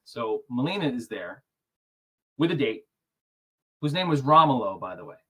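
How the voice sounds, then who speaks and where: A man in his forties, speaking at an average pitch, telling a personal story over a video call. He is animated and voices the other people in his story, with little chuckles as he goes. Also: moderate pace, husky. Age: 40s. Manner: animated, acts out quoted dialogue, chuckles. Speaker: interview guest. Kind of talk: casual storytelling.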